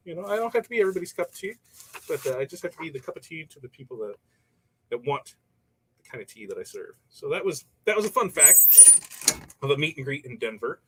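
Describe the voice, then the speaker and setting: A man's voice: on the high side, big pitch swings, brisk, husky, low-quality recording. Chatty man hosting a craft livestream. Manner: chatty, rambling, laughs often, reads viewer comments. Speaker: livestream host. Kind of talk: casual livestream chat. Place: workshop while pressing shirts.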